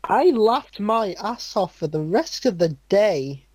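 A young man in casual chat, telling a story haltingly and laughing often. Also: high voice, expressive, a crowd in the background.

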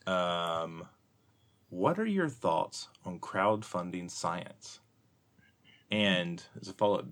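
A low-pitched man with a bright, forward edge to his voice chats on a podcast. He rambles through explanations in a relaxed way and laughs easily. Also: vocal fry. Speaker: podcast co-host. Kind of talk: casual chat.

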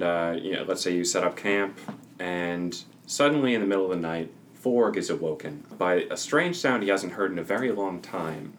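Deep-voiced man narrating a tabletop game. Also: fairly bright tone, slight background noise. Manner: laid-back storytelling with frequent fillers and laughs. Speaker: game master.

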